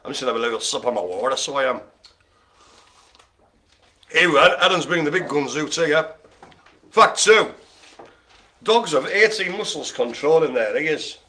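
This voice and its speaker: Man, bingo host, jokey chatty banter, bright voice, fairly high pitch. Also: animated. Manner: joking, chatty, quick asides with laughs. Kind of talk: lively bingo calling with banter.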